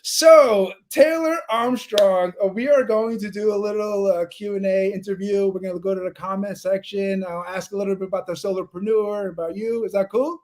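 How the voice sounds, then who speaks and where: A man's voice: high-pitched, moderate pace, hardly any pauses, a little mellow. A man from New York with a New York accent, hosting a live-streamed interview in an upbeat, chatty way and calling on viewers to comment. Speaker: livestream host.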